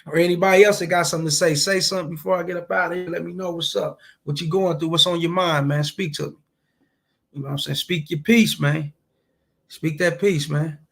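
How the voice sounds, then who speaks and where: A man with a slightly high, gravelly voice hosts a relaxed livestream. He talks loosely and profanely in slang and speaks straight to the viewers in his chat, as if catching up with friends. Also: a little fast. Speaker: livestream host talking to chat.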